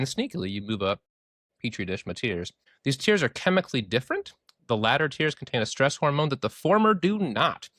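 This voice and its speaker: A man's voice: fairly low pitch, a bit bright, no echo, studio quality. A man co-hosting a podcast, explaining things in a rambling, jokey way with some swearing. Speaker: podcast co-host. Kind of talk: casual chat, explaining.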